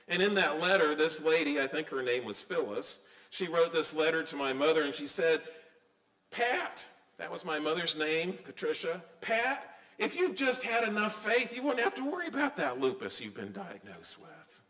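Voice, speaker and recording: A man's voice: mid-range voice, a bit bright, roomy sound, poor audio. A middle-aged man preaching a sermon as a pastor, earnest and emphatic, with many rhetorical questions.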